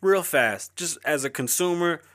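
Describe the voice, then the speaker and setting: A man's voice: fairly high pitch, lively intonation, measured pace, fairly bright tone, no echo, studio quality. A young man hosting his own show, rambling loosely and swearing constantly as he riffs casually, speaking as a rapper. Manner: rapper, says he is an artist. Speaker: show host. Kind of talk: casual profane monologue.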